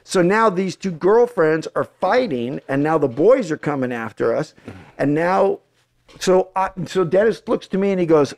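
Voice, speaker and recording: A middle-aged American man with a gravelly, fry-laced voice sitting a bit high, recorded close and dry with no room sound. He tells his stories casually, swears freely, and slips into other people's voices as he goes. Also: moderate pace, no room sound. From United States. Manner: animated storyteller, acts out quoted voices, swears freely. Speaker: guest actor. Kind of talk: casual storytelling.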